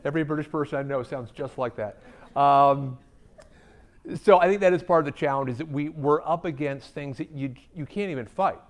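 A man's voice: on the high side, fairly quick. Candid man answering audience questions. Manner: candid, conversational, frequent ums. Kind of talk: conference Q&A talk. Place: company event room.

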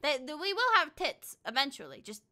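A woman's voice: sits high, huge pitch swings, fairly quick, pushed and bright. A woman VTuber streaming a game, chatting crudely with lots of giggles and reading text aloud. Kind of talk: casual livestream chat with reading aloud.

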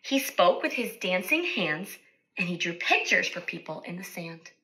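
A woman speech-language therapist reading a picture book aloud to children, animated and stopping to ask questions. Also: on the low side, normal speed, low-quality recording.

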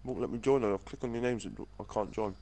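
Rambling gamer, low voice. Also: male voice, fast, mellow. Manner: rambling, talks while eating snacks. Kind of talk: casual gaming chat.

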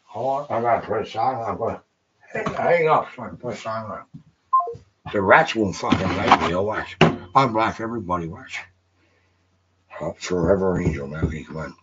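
A man on a livestream, chatting in a rambling, profane, emotional way, swinging between shouts and mutters. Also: fairly low pitch, expressive, moderate pace, long pauses, far from the mic, muffled recording, very noisy.

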